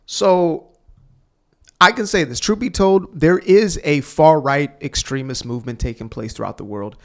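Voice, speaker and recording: A man delivers sarcastic, mocking commentary as he reacts to clips on his channel. His voice sits a little high and carries a gravelly fry. The delivery stays pointed and opinionated. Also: normal speed.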